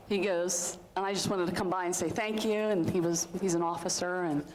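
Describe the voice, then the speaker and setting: A woman's voice: lowish voice, steady tone, a little fast, few pauses, a little hiss or hum, poor audio. A middle-aged woman from Western Pennsylvania, hosting a community show and telling personal stories in a chatty, rambling way. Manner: chatty and warm-hearted, rambling with many asides and fillers. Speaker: host of a community access style show. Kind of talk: casual storytelling to a group.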